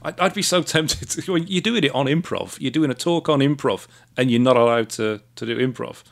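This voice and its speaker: A man's voice: medium pitch, brisk, gravelly. A man hosting a casual podcast interview, mostly giving short murmurs of agreement and the odd playful aside. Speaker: podcast host.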